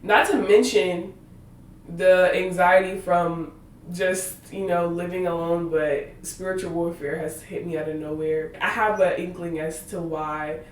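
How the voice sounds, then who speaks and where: A woman's voice: fairly low pitch, steady tone, measured pace, recorded from a distance, slight background noise. A woman in her twenties hosting a faith podcast, rambling and laughing through tangents, close to tears. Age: 20s. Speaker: podcast host. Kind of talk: casual faith podcast monologue. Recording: roomy echo, voice slightly off-mic.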